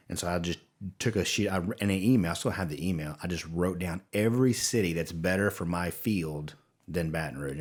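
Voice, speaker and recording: A man's voice: sits low, husky. A man from Louisiana with a Southern accent, a guest chatting casually in a folksy way and laughing often. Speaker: podcast guest. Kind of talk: casual conversation.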